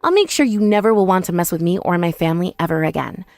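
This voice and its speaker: A woman's voice: on the low side, lively intonation, fast, creaky, darkish tone, dry recording, faint music behind. A woman voicing a young ex-wife who angrily accuses her former in-laws, in a text-message story drama. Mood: scornful. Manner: accusing, scornful. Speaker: main character, ex-wife.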